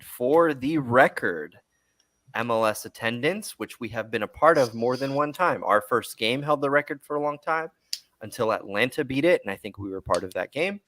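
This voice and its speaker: A man's voice: medium pitch, a bit bright, dry recording, studio quality. A man hosting a casual podcast chat, rambling with many restarts. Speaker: podcast host.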